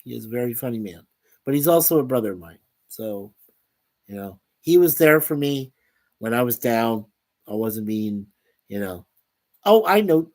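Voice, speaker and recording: A man hosting a casual live stream, reading viewer comments aloud in an unhurried way and chuckling often. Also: medium pitch, lively intonation, a little mellow. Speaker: livestream host reading chat.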